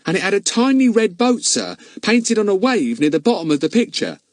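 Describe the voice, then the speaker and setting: A man's voice: high-pitched, big pitch swings, brisk, no room sound, studio quality, voice pushed up. A man voicing an eager, earnest boy in an audiobook reading.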